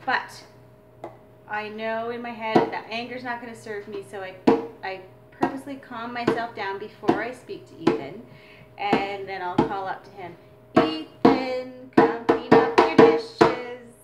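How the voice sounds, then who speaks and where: A woman's voice: mid-range voice, fairly even intonation, normal speed, loud music behind the voice. Earnest woman explaining in an echoey room. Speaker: drumming teacher and mother. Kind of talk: explaining a parenting exercise.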